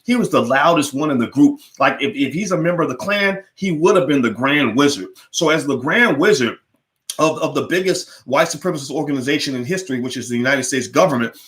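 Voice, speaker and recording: A man's voice: medium pitch, a bit bright. A man delivering an emphatic, preachy monologue to his listeners, often repeating words as he pushes his point. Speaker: political commentator. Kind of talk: opinionated monologue.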